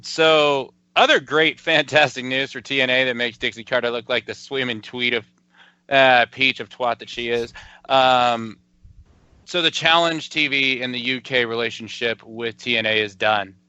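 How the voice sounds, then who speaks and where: Bright, profane ranting man. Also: mid-range voice, clean tone, dry recording, highs cut off. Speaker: podcast co-host. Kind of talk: casual wrestling talk.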